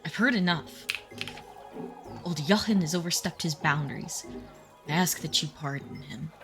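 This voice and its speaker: A hoarse woman voicing a stern older village priest who speaks gravely and commandingly. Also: low-pitched, normal speed, over music, voice pushed down.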